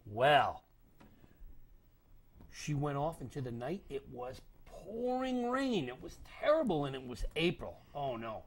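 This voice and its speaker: Older male storyteller for kids, lively pitch swings, slightly husky, dramatic delivery. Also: unhurried. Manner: animated, dramatic, with acted voices and whispers. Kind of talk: storytelling to children.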